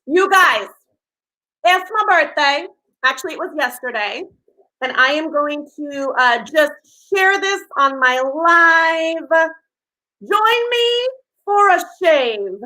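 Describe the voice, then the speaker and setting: Bubbly, high-pitched woman in her fifties. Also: animated, takes it slowly, low-quality recording. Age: 50s. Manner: effusive and gushing, talks loudly. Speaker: live stream host. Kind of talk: casual live stream chat.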